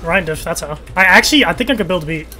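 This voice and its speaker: Loud, joking young man gamer. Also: sits high, fast talker, slight background noise. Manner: loud, jokey, crude trash talk with sudden excited yells. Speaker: streamer. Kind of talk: casual gaming chat.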